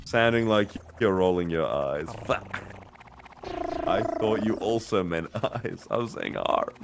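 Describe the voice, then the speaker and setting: A man's voice: fairly low pitch, measured pace, gravelly, heavy background noise. A British man chatting as a guest on a game stream, telling rambling stories full of swearing. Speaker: guest co-host. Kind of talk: casual chat on a game stream.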